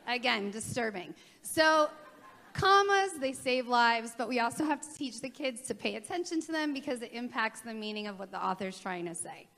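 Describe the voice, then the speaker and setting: A woman's voice: on the high side, expressive, normal speed, a bit bright. A woman leading an upbeat staff training workshop in a large auditorium, with dry, wry asides. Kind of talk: interactive workshop presentation. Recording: long hall reverb.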